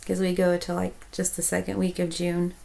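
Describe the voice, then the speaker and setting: A woman chats casually in a rambling way, circling back and restarting her sentences. Her voice sits fairly low and has a gravelly edge. She sounds to be in her forties. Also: monotone, moderate pace, warm tone, low-quality recording. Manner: rambling, many restarts and fillers, emotional. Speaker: crochet vlogger. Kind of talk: casual chat.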